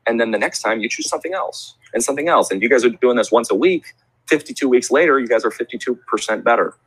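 A young man as an interview guest, telling stories in casual chat and acting out quoted voices with big jumps in pitch. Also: expressive, fast talker, a bit bright, breathy edge, dry recording, poor audio. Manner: rambling restarts and fillers. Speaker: interview guest, sports event host.

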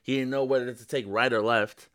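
A young man on a podcast telling a story in a casual, animated way, jumping his pitch up to quote people and swearing freely. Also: brisk. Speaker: podcast co-host.

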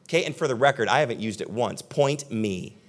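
A young pastor preaches a sermon to a live audience in a church hall, addressing his listeners directly. His mid-range voice is a little fast with lively intonation, and his delivery is conversational yet emphatic.

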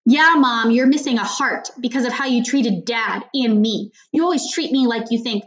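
A woman's voice: fairly high pitch, moderate pace, close to an everyday voice. Woman reading a defiant teenage girl. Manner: loud and challenging. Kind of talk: audiobook character reading.

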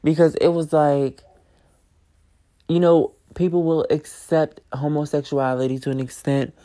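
A woman's voice: deep voice, level tone, a little slow, mellow. A young woman in her twenties, a podcaster, tells a personal story in a blunt, profane, emphatic way and repeats phrases for force.

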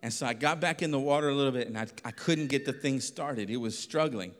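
A pastor telling a lively story in a sermon, acting out voices and laughing often. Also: male voice, mid-range voice, fast talker. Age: adult. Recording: long reverb of a hall.

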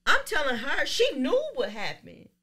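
A woman with a bright, forceful voice tells a story on a podcast, blunt and profane. She slips into the voices of the people she quotes. Her tone stays sharp and pointed. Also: sits high, big pitch swings, moderate pace. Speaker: podcast guest; business owner. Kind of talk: casual podcast chat.

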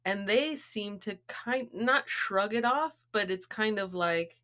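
A woman's voice: mid-range voice, lively intonation, slow, sharp tone. A middle-aged woman co-hosting a podcast in casual chat, rambling with lots of "like" and restarts. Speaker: podcast co-host.

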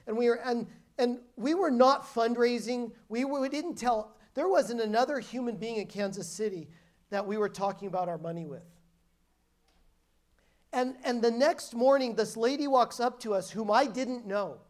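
A woman's voice: fairly high pitch, moderate pace, a little mellow. A woman preacher giving a sermon as a personal testimony, telling her story emphatically and often restarting her sentences.

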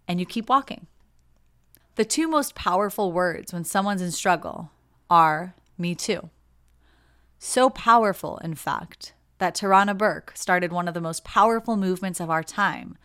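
Young female podcast host, lowish voice, earnest reading and reflection. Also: a bit bright. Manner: earnest, reflective, acts out quoted replies.

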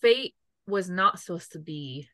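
Woman co-host, excitable fan, rambling gush, bright and forceful tone. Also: on the low side, unhurried, dry recording, studio quality. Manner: gushing, rambling, lots of 'like'. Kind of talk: casual fan chat.

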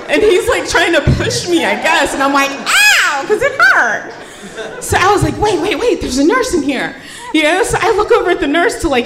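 Animated woman telling a story live. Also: very high-pitched, noisy background. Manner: animated, swearing, acting out voices with shrieks. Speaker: storyteller on stage. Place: live show before a laughing audience. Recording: roomy hall with crowd.

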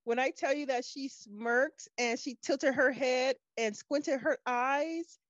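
High-voiced woman telling a story. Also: slow pace, dry recording, muffled recording. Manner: animated storyteller, acts out quoted people. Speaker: podcast co-host. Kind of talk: casual storytelling chat.

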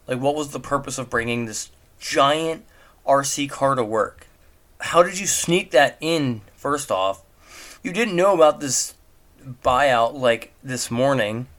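A man's voice: mid-range voice, fairly bright tone. A man giving casual commentary on a film, rambling and incredulous, firing off rhetorical questions. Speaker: movie reviewer.

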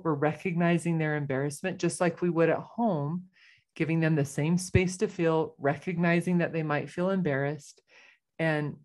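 A woman guest speaking about parenting in calm casual chat, explaining her points and checking in with "right?". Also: deep voice.

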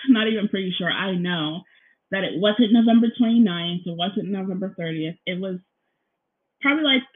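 A woman's voice: medium pitch, animated, moderate pace. A young woman hosting her own podcast from her apartment, chatting casually and rambling with lots of ums, often apologizing and saying "you guys," a little nervous. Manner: nervous, feels out of breath. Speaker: podcast host. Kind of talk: casual solo podcast chat. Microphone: laptop recording, headphones in. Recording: tinny phone-like laptop recording.

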